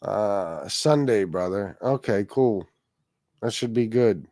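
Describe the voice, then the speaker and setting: A man's voice: fairly low pitch, animated, takes it slowly, darkish tone, dry recording. A man hosting a casual livestream, rambling, swearing freely and reacting to chat comments. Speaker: livestream host.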